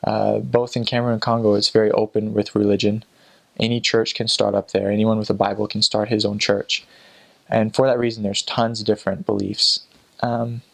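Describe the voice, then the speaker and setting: A man's voice: on the low side, creaky, fairly bright tone, poor audio. A young man, a returned missionary, telling stories in a casual, chatty way. He uses many fillers and restarts, and he acts out the voices of the people in his stories. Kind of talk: casual storytelling.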